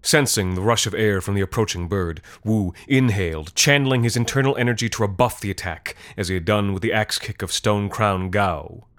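Casting: male storyteller, very low voice, dry close sound, deadpan narration. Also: brisk, few pauses, no room sound. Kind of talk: scripted narration.

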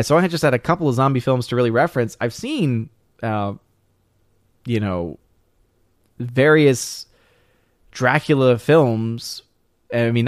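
A man hosting a casual livestream, talking his way through viewer comments in a rambling, self-interrupting manner. His voice sits at an ordinary middle pitch. The recording is dry and close, with little room sound. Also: no room sound. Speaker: livestream host reading chat.

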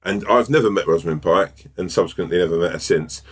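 A man co-hosting a podcast in casual chat, chatty and quick to tell anecdotes, swearing now and then. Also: sits low, slightly rough. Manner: chatty, swearing, tells anecdotes with put-on voices. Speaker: podcast co-host.

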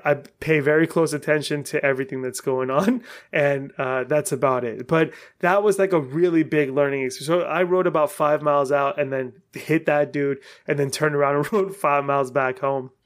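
A man in his forties hosting a podcast, telling a story in a loose, rambling way with frequent swearing and laughter. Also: fairly high pitch. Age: 40s. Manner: rambling, profane, laughing often. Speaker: podcast host. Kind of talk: casual storytelling.

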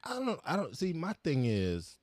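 A man's voice: on the high side, wildly swooping pitch, normal speed, darkish tone. A man hosting a podcast in casual chat, laid-back and slangy, with some hesitations. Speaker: podcast host.

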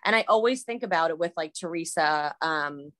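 A woman's voice: low voice, lively intonation, moderate pace, fairly bright tone. A woman with a mid-range voice chatting as a podcast co-host. She talks animatedly, piles on fillers, and acts out little quotes along the way. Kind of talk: casual chat about reality TV.

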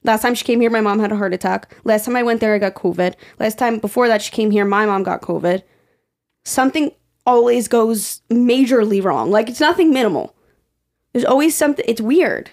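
A young woman co-hosting a podcast in casual chat, telling stories animatedly with plenty of swearing. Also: fairly quick. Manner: animated storytelling, swears freely, voice jumps high when quoting. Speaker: podcast co-host.

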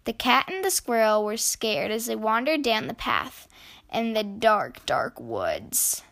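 A woman reading a children's picture book aloud in an expressive storytelling voice. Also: a little high, creaky. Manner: slow, expressive read-aloud.

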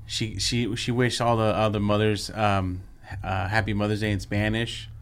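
A man's voice: fairly low pitch, flat delivery, normal speed, smooth. A man co-hosting a casual wrestling chat, telling stories and acting out what people said. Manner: chatty storyteller, acts out quotes. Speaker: podcast co-host.

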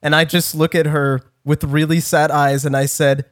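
A man's voice: on the high side, flat delivery, normal speed. A young man co-hosting a podcast, telling a story in a rambling way, swearing and laughing at himself. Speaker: podcast co-host. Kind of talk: casual chat.

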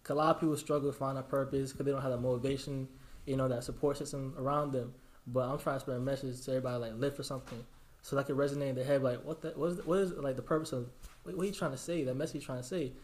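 A man's voice: mid-range voice, steady tone, very fast. A young man on a podcast chatting casually in slangy banter, talking about his clothing brand. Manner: laid-back slangy banter, laughs often.

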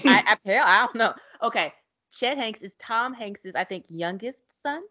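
A woman co-hosting a podcast in casual chat, excitable and slangy, laughing often. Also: fairly high pitch, normal speed. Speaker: podcast co-host. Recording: dull lo-fi sound.

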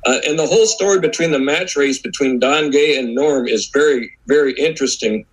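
A man's voice: medium pitch, a little fast, breathy edge, poor audio. A man who is a guest author, talking in a rambling way with many fillers. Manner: rambling, lots of "you know" fillers. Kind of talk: casual conversation.

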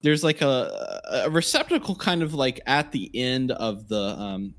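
A man's voice: medium pitch, animated, unhurried, a bit bright. Man game master narrating a tabletop session. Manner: rambling, full of fillers.

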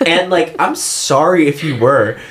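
A man co-hosting a podcast in casual, playful chat, teasing and animated. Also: fairly high pitch, measured pace. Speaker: podcast co-host.

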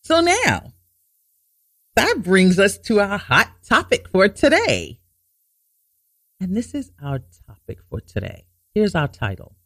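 A man hosting a Bible teaching talk show, explaining scripture earnestly, restarting sentences to stress his points and reading verses slowly. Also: sits high, huge pitch swings, a bit bright, no echo, clean studio sound. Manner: reads scripture slowly and deliberately.

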